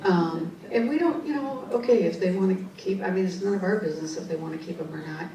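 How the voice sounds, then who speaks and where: A woman who works as a psychic, telling a personal story in an animated, conversational way and acting out the dialogue. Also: fairly low pitch, fast talker, crowd noise. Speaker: psychic and ghostbuster. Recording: roomy, distant mic, faint ambience.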